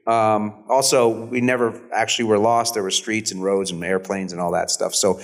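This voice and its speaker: A man in his fifties, an actor on a convention panel, telling stories in an animated, self-deprecating way. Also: on the low side, normal speed, few pauses. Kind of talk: storytelling panel talk.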